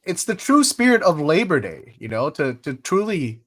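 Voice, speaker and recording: Young guy hosting a podcast, stuffy nose, voice kinda rough from being sick, rambles with lots of um and uh. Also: fairly high pitch, sing-song, normal speed. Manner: rambling, lots of fillers and restarts. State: congested, voice still recovering. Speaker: podcast host. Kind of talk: casual podcast chat.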